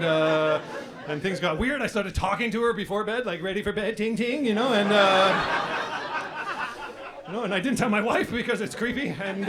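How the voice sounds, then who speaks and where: A middle-aged man from Canada working a live comedy crowd with a high, lively voice. He rambles from one story to the next, mocks himself, and flares into loud shouted impressions. He speaks into a handheld stage mic in a club. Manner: rambling, self-mocking, bursts into shouted impressions. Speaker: stand-up comedian. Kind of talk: stand-up comedy set.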